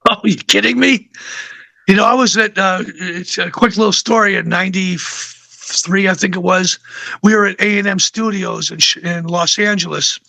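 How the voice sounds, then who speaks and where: An older male musician tells a long, rambling story with plenty of fillers. His voice sits high for a man, with a bright, gravelly edge. The sound is dry and close. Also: steady tone, normal speed, no room sound. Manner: rambling anecdotes with many fillers. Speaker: guest musician. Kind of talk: casual interview storytelling.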